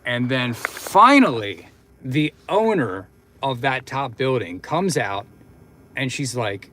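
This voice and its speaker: A man's voice: mid-range voice, big pitch swings, slow pace, bright, forceful tone. A young man hosting a livestream, telling a long story in a casual, rambling way with lots of fillers and restarts. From Philadelphia, United States. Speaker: livestream host.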